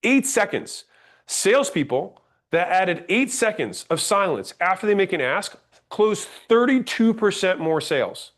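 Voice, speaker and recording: A man teaching a sales class, blunt and emphatic, demonstrating pauses and rising inflection as he explains. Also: high-pitched, sing-song, fairly bright tone. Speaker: sales trainer. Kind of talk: instructional talk on sales tonality.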